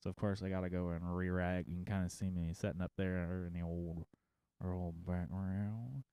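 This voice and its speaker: A man with a smooth, resonant, fairly low voice hosts a sports show as a casual livestream. He rambles through lists with quick asides and pokes fun at himself. The sound is dry and close, with no room echo. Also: level tone, mellow. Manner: jokey and self-mocking. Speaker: fantasy football show host.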